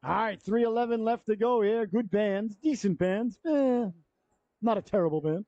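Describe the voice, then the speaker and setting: A man's voice: high-pitched, normal speed, darkish tone, no echo. A man calling a youth hockey game play by play, chatty and rambling, full of side stories and self-corrections. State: yawning, running out of breath. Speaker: play-by-play commentator. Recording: dull, lo-fi local broadcast audio.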